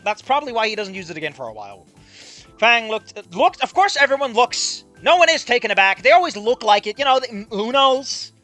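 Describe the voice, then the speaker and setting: Casting: ranting game streamer, lively swings in pitch, bright and sharp, swears a lot. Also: brisk, soft background music. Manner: exasperated, profane, ranting critique. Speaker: streamer reading a game aloud. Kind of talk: game playthrough commentary.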